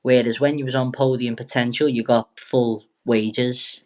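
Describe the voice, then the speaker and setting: A man's voice: mid-range voice, steady tone, unhurried, a little mellow. A young man, a boxer guest telling rambling, sweary, jokey stories in a casual interview. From England.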